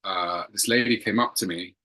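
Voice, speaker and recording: Low, bright-toned man telling a story. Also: normal speed, rough recording. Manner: earnest, searching for words, repeats phrases. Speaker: guest telling a spiritual experience. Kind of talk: earnest personal storytelling.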